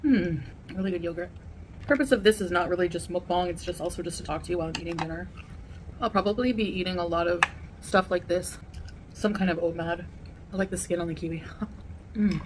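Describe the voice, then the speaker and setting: A woman vlogger chatting casually to her viewers while eating a meal, rambling and pausing to chew. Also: on the low side, slight background noise. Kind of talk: casual eating vlog chat.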